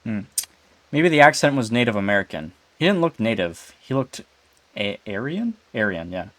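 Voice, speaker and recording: A man with a fairly low voice reads a horror story in a relaxed, unpolished way. He trips over words now and then and stops to ask about them. The recording is close and dry. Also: normal speed, dry recording. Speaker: story reader. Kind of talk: casual story reading with banter.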